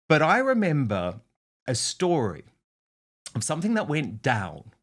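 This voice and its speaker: A male host giving emphatic, scornful opinion commentary and introducing his panel. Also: medium pitch.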